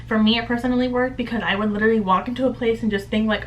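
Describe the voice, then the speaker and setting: A woman's voice: a little high, steady tone, racing, a little hiss or hum, rough recording. A young woman vlogging at home in a chatty, upbeat, candid way, full of "like" fillers. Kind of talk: casual chat to camera.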